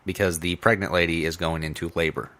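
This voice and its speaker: A young man with a low pitch and a bright, edged tone walks through a plot recap in easygoing casual chat. He fills his retelling with ums and likes. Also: fairly even intonation, fast talker, slight background noise. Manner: easygoing, filler-heavy retelling. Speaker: podcast co-host.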